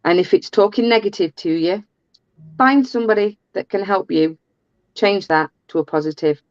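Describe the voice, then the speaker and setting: A woman's voice: medium pitch, moderate pace, dry recording, lo-fi sound. A woman from the English Midlands with a Midlands accent, chatting and telling stories in a jokey way. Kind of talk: casual chat.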